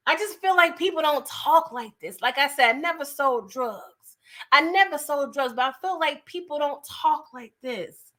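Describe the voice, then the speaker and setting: A woman's voice: high voice, bright, forceful tone. A woman giving a casual, slangy recap of a TV episode, chatty and laughing often. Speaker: TV recap reviewer.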